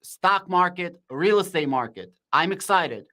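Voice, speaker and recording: A man hosting a live stream, shouting with excitement in casual slang and answering viewers' comments. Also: sits high, measured pace. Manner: shouting, hyped, slangy, reads chat aloud.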